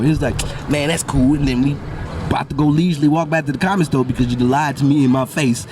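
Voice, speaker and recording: A man hosting a podcast, telling a profane, animated story and acting out what people said. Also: a little high, fast talker, background noise. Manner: animated, profane, acts out quoted voices. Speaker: podcast host. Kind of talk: casual storytelling chat.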